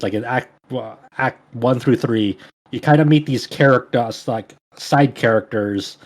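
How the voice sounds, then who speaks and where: A man's voice: mid-range voice, darkish tone. Loose, enthusiastic male co-host. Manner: loose and enthusiastic, swears casually. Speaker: podcast co-host. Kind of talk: casual podcast chat.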